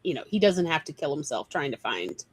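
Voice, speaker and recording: A woman's voice: low voice, very animated, fairly quick, slightly rough, poor audio. A woman hosting a casual chat, talking eagerly with lots of fillers. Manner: chatty, enthusiastic, many fillers. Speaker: host, writer.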